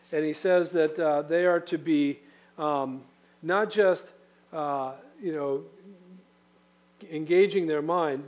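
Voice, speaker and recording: A man preaching a sermon in an easy, conversational way, his voice sitting a touch high. He talks through his points with fillers and restarts, now and then acting out a quoted line. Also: darkish tone. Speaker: pastor.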